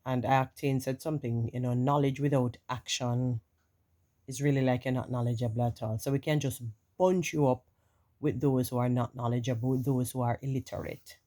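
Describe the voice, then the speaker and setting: A woman with a Jamaican accent and a naturally deep voice, froggy and rough from the morning, rambling casually to her followers with many "you know"s. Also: steady tone, moderate pace, mellow. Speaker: vlogger. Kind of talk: casual talking-to-camera monologue.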